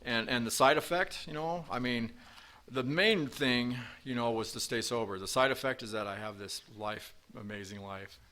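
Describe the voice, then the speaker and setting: A man's voice: medium pitch, moderate pace, bright, forceful tone. A man telling his recovery story at a meeting, rambling with lots of fillers and restarts. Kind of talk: personal recovery talk. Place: meeting room with audience.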